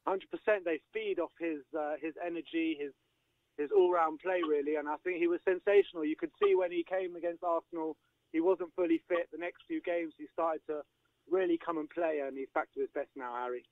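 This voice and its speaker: A man's voice: on the high side, steady tone, brisk, no room sound. Male caller on a tinny phone line. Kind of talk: casual phone-in chat.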